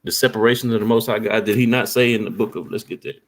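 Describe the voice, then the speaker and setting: This is a street preacher whose voice runs on the low side with a steady tone. He reads scripture aloud at a slow pace, asks questions rhetorically, and caps his lines with "man."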